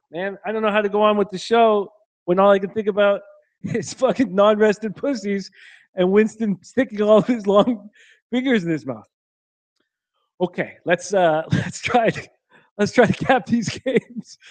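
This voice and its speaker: A man with a fairly high voice hosts a late-night betting stream and reads out the chat. He jokes crudely and laughs often. The sound is dry and close, with no room echo. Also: a little mellow. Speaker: sports betting show host. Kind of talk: live-stream chat reading. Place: hotel room.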